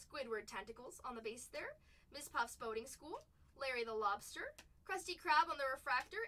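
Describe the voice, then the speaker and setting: A woman hosting a live card-opening stream, calling out each pull with excited exclamations. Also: on the high side, moderate pace. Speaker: livestream card-break host. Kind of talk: live unboxing commentary. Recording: voice a bit far from the mic.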